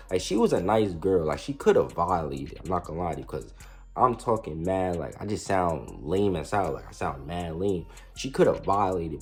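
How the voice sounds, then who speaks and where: A young man casually telling a storytime about his past, slangy and self-mocking, with frequent restarts. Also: deep voice. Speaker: storyteller vlogger.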